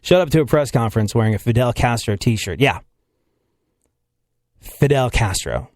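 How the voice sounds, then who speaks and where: A man's voice: medium pitch, expressive, moderate pace, darkish tone, no echo, studio quality. A male radio host joking casually with his co-host in a wry, laughing manner. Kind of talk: casual comedic radio chat.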